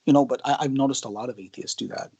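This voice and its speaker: A man co-hosting a casual Christian discussion, telling anecdotes with frequent halting restarts. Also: medium pitch, dark tone, husky, low-quality recording. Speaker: co-host of a Christian mentorship show.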